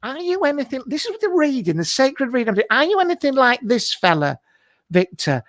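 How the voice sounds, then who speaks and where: Camp cheeky psychic guy - a man doing a comedy character, high voice, bounces up and down a lot, dry close sound. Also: wildly swooping pitch, moderate pace, fairly bright tone, no echo, exaggerated voice. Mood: teasing, bawdy. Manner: bawdy, teasing, breaks into frequent laughter. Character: brash camp male psychic medium, crude and cheeky. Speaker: host of a live psychic comedy show. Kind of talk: improvised live-stream comedy character. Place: double garage at home. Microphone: computer mic on a live stream.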